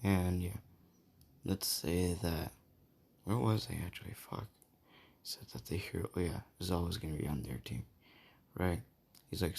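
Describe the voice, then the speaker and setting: A man with a deep, gravelly voice and plenty of vocal fry tells a made-up fan story off the cuff. He rambles, loses his thread and swears, and he tags his sentences with "right?". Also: darkish tone. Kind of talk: improvised fan story narration.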